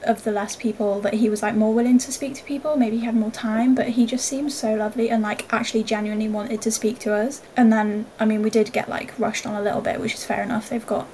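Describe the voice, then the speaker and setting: A woman's voice: fairly high pitch, steady tone, fast, few pauses, mellow, slight background noise. A young woman co-hosting a podcast, chatting in an easygoing, rambling way. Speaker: podcast co-host. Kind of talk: casual chat.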